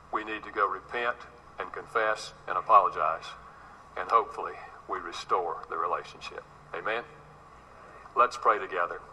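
A man's voice: low-pitched, bright, forceful tone, slight background noise, rough recording. A middle-aged man preaching a sermon. He tells a personal story and speaks directly to the congregation. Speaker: pastor.

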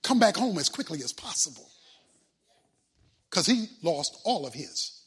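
A man's voice: on the high side, big pitch swings, measured pace, fairly bright tone, breathy edge. A man preaching a sermon with an emphatic, repetitive delivery that draws in his congregation. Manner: emphatic, repetitive, call-and-response.

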